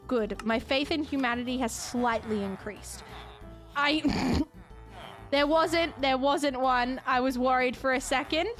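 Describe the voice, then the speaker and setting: A woman streaming a game live, chatting casually and reacting to chat messages with incredulous exclamations. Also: sits high.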